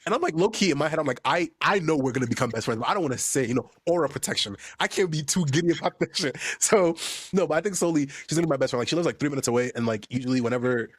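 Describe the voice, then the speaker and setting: Male podcast co-host, quick animated storyteller, dry sound. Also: a little high, slightly rough, no echo. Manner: animated storytelling, slangy, laughing often. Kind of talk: casual chat among friends.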